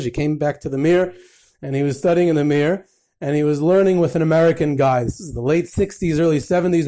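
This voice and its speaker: A man's voice: fairly high pitch, warm tone. A man hosting a podcast, telling anecdotes with frequent fillers and Yiddish phrases. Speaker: podcast host. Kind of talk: storytelling talk.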